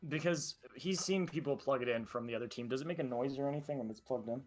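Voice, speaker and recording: A man playing a tabletop role-playing game, describing his character's actions in the third person with halting fillers. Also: mid-range voice, faint music behind. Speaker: player. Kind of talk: casual tabletop play.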